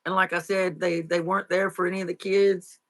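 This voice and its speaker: A middle-aged woman, an interview guest, telling her life story in a halting, tearful way with many fillers and restarts. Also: lowish voice, flat delivery. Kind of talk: emotional personal storytelling.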